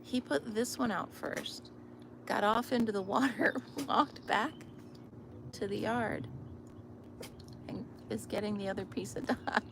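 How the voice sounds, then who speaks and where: A woman chats casually into her phone by a river, amused and often hushing to a near whisper. She's a vlogger with a mid-range voice full of vocal fry, speaking unhurriedly with long pauses. Loud river noise runs through the outdoor recording.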